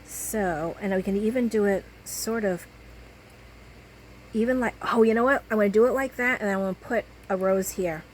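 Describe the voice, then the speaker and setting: A woman's voice: medium pitch, normal speed, slight background noise, poor audio. A woman making a craft video, chatting casually to herself and the viewer as she cuts and glues. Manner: chatty, talks to herself while working. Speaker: crafting vlogger.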